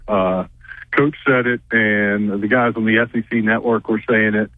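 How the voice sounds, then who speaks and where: A man's voice: lowish voice, steady tone, normal speed, no room sound. A man calling in to a radio show as a reporter, chatting casually and rambling with lots of fillers, often losing his train of thought. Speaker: reporter calling in from media days. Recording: tinny phone line, dry.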